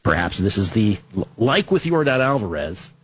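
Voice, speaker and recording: A man's voice: on the low side, big pitch swings, slightly rough, no room sound. A man hosting a sports betting show, reading listener tweets aloud in a casual, wry, joking way. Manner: wry, joking, reads names and stats quickly.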